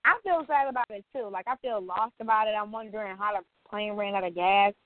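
A woman's voice: medium pitch, a little fast, dry recording. Tinny, teasing female co-host. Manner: teasing, blunt, casual. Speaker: podcast co-host. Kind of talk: casual chat. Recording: dry, tinny phone-like sound.

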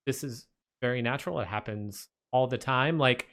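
Male podcast co-host, smooth resonant voice, mid pitch, relaxed chat. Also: normal speed. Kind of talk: casual film review chat.

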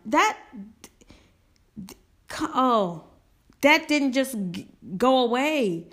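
A woman's voice: high voice, lively intonation, extremely slow, long pauses, fairly bright tone. A woman hosting a casual commentary podcast, talking candidly and emphatically, often restarting her sentences and adding asides. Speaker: podcast host.

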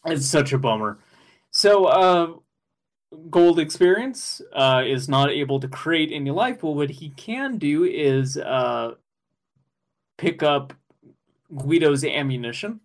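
A man co-hosting a podcast, chatting casually and excitedly, laughing often and rambling with fillers. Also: on the high side, slow pace. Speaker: podcast co-host. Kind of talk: casual chat recapping an anime episode.

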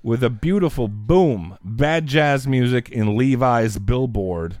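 A man's voice: medium pitch, expressive, takes it slowly, a little mellow, no echo. A man co-hosting a casual movie podcast, cracking wry, dry jokes and teasing his co-host. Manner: wry, dry jokes with playful put-downs. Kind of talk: casual movie-review chat.

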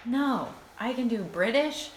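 A mother from Scotland chatting as a podcast co-host, animated and quick to laugh, recorded in an echoey room with faint noise. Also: on the high side. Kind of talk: casual chat.

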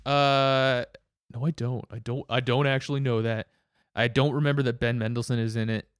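A man chatting casually, rambling with halting restarts and laughing as he goes. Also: medium pitch, little pitch movement, clean tone, dry recording, studio quality. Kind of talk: casual chat.

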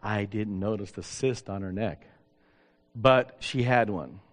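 A man's voice: fairly low pitch, a little slow. A middle-aged man, a pastor, telling stories in a sermon, acting out dialogue with self-deprecating humor. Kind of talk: sermon storytelling.

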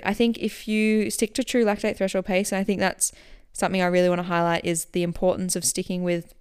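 Chatty woman coach answering listener questions, lowish voice, explains stuff casually. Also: smooth. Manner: relaxed explanatory, chatty with fillers. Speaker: running coach and podcast host. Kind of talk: podcast listener Q&A.

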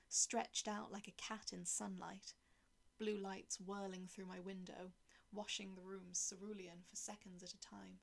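A woman reading a dark first-person story aloud in a cold, detached way, often dropping to a whisper. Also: medium pitch, flat delivery, measured pace, creaky. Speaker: narrator.

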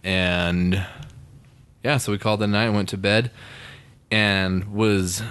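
A man's voice: fairly low pitch, little pitch movement, slow pace, a bit bright, clean tone. A man co-hosting a casual chat podcast on a microphone, rambling with many fillers and restarts. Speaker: podcast co-host.

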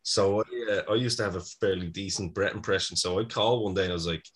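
An Irish man in his fifties chatting casually as a podcast co-host, spinning stories with frequent laughter and easy swearing. His voice sits slightly low. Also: fast, slightly rough. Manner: storytelling, laughs often, swears freely. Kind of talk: casual chat.

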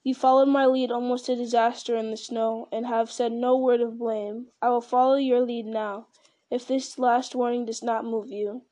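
A woman reading the part of a grim, weathered male ranger, speaking quietly and solemnly. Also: fairly high pitch, little pitch movement, moderate pace, close to an everyday voice.

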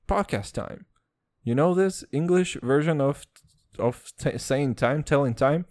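A man's voice: a little high, takes it slowly, a little mellow, dry recording, studio quality. A young man with an accent between Eastern European and American, hosting a casual solo podcast in a rambling, profane, self-mocking way. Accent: mixed Eastern European and American. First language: Serbian or Turkish. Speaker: podcast host.

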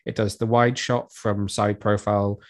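A man appearing as a guest on a comics podcast, who talks in a relaxed, enthusiastic way and describes panels in close detail. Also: fairly low pitch, normal speed. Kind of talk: casual comics review chat.

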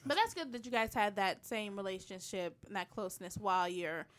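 A middle-aged woman co-hosting a casual chat, animated and laughing as she tells stories. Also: medium pitch, a little fast.

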